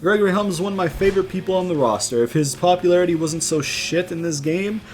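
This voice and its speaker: A man's voice: high-pitched, fast, darkish tone. A young man giving casual, rambling commentary over a wrestling game, full of fillers and cursing. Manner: rambling, filler-heavy, profane, casual slang. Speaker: gaming commentator.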